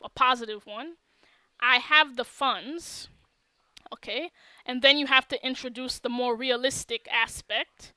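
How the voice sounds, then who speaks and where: A woman teaching the law of attraction in an emphatic talk to camera, often pausing to check in with "okay?". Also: high-pitched, pushed and bright, clear, resonant tone, no room sound.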